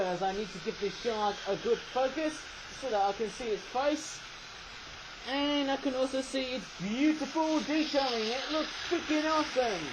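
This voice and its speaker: A man chatting through a casual toy review, rambling on and tagging his sentences with "eh?". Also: very high voice. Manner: rambling, chatty, tags lines with "eh?"; raising his voice over train noise. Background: toy train running.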